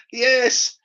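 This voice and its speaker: A woman's voice: sharp tone, lo-fi sound. A woman hosting a playful livestream, joking, repeating herself and greeting viewers by name. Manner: jokey, repetitive, greets viewers by name, laughs often. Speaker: livestream host.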